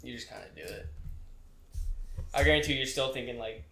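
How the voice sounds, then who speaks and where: A man's voice: mid-range voice, fairly quick, creaky, crowd noise. Brief: young man, ex-military, crude laughing storyteller, roomy echo with friends around. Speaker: military veteran telling stories. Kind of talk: casual chat.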